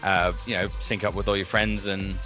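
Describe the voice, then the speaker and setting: An Australian man, a game developer, chatting casually in a relaxed, rambling way with many fillers. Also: sits low, moderate pace, over music. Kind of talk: casual chat.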